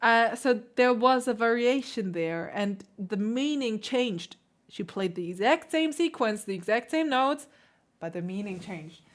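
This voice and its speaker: A woman who hosts a piano channel, critiquing viewers' playing with emphatic, animated coaching. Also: fairly high pitch, a little slow. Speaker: piano teacher and channel host.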